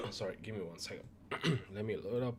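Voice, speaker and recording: The host of a gaming news show chats loosely with viewers, relaxed and rambling, leaning on many fillers. His voice sits on the low side, slightly rough, at normal speed, and since he's losing it he coughs now and then.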